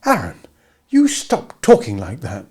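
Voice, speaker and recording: A man voicing a stern, earnest teenage girl in a novel, raising his pitch. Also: big pitch swings, moderate pace, creaky, darkish tone, heavily acted. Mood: scolding.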